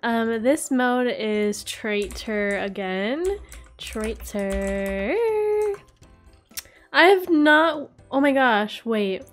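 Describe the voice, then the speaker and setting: High-voiced excitable young woman gamer. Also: drawn-out words, soft background music. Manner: excitable, gasping and giggling often. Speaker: gaming channel host. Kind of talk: live game commentary.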